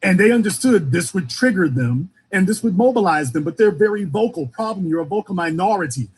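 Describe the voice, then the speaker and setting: A man runs a political call-in show with a raised, husky voice. His delivery is fiery and emphatic, and the pitch leaps all over the place. He keeps stacking repeated phrases to press each point. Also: lively intonation, brisk.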